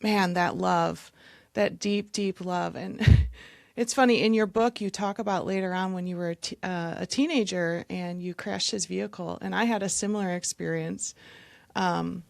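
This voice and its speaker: A woman's voice: lowish voice, steady tone, normal speed, creaky, no room sound. A woman hosting a podcast, chatting candidly with her guest and laughing along. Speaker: podcast host. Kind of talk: casual interview chat.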